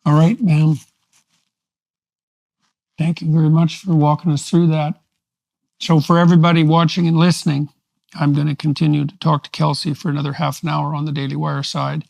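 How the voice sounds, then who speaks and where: An older man hosts a podcast and closes the interview in a measured, formal tone. His voice is gravelly and somewhat high for a man. The sound is dry and close, with no room echo. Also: level tone, darkish tone. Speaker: podcast host. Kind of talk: interview wrap-up.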